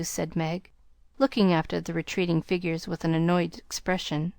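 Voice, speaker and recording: Woman calmly reading a classic novel aloud. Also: lowish voice, normal speed, gravelly, no room sound, clean studio sound. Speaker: audiobook reader.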